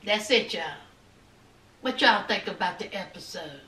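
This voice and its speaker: A woman's voice: medium pitch, lively intonation, a little slow, bright, forceful tone. A woman recapping a reality TV episode in a sassy, chatty way, with teasing asides to her viewers. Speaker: TV recap vlogger. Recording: echoey room, far from the mic.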